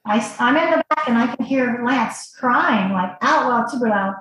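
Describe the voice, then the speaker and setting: A woman guest on a podcast telling her personal story in an animated, emotional way, with frequent restarts. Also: on the high side, normal speed. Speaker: guest, former client. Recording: strong room echo.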